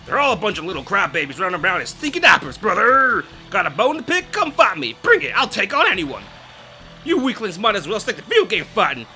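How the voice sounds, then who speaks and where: A man voicing a brash, loudmouthed male bird wrestling champion who shouts trash talk while playing a video game. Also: sits high, pitched above the performer's own voice, exaggerated voice. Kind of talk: let's play character reading.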